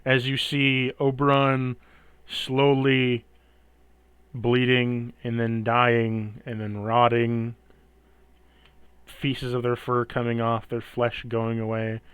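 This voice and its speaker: Smooth-voiced man narrating as game master. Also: mid-range voice, completely flat delivery, fairly bright tone, dry recording. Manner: slow, dramatic descriptive narration.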